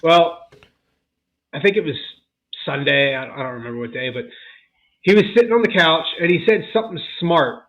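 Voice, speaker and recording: A man's voice: on the high side, animated, normal speed, pauses often, a bit bright, rough recording. A man co-hosting a podcast in casual chat, telling a story with heat and swearing freely. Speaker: podcast co-host.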